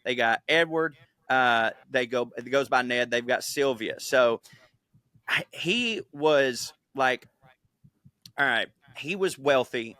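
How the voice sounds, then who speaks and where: A man co-hosts a casual podcast with a bright, forceful voice. He tells stories in a profane, animated way and drops into put-on voices for quotes. The sound is dry and close. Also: medium pitch, takes it slowly, no echo. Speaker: podcast co-host. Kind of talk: casual chat.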